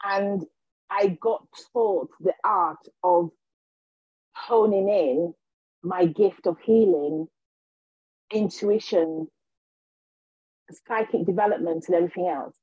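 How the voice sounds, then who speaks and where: Woman recounting her story, warm husky voice, kinda dull lo-fi sound. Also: medium pitch, slow pace, pauses often, dry recording. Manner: animated, acts out quoted dialogue. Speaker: guest, healer and intuitive. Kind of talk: personal storytelling in a podcast interview.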